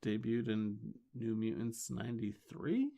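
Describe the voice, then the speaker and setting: A man's voice: lowish voice, creaky, mellow. A man co-hosting a podcast, recapping a comic in casual, sarcastic, exasperated chat. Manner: sarcastic, exasperated, does quick character voices. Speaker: podcast co-host.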